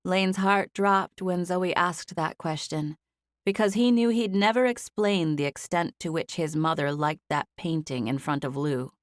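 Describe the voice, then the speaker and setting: Female audiobook narrator, low and measured, dry studio. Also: no room sound. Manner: even, measured storytelling. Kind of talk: scripted narration.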